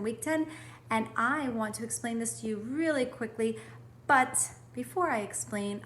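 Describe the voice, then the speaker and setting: A woman teacher records a lesson for her students, upbeat and encouraging. Her voice sits fairly high, and she speaks clearly, slowing down to model each example sentence. A faint hiss of noise runs under the recording. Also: fairly bright tone.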